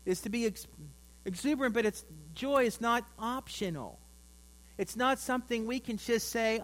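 A male pastor preaching a sermon, swinging between loud emphasis and quiet asides. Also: very high voice, animated, moderate pace. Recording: mains hum.

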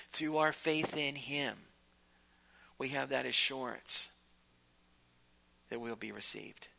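A man preaching a sermon earnestly, repeating phrases and pausing for emphasis. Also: mid-range voice, vocal fry, pushed and bright, low-quality recording. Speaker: pastor.

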